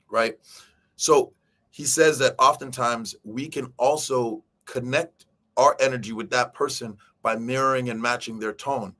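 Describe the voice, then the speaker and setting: Guy hosting a live stream, chatty and animated, talks straight to viewers, mid pitch voice. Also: normal speed. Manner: animated, addresses viewers directly, acts out quoted speech. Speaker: show host. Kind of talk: casual live-stream book talk.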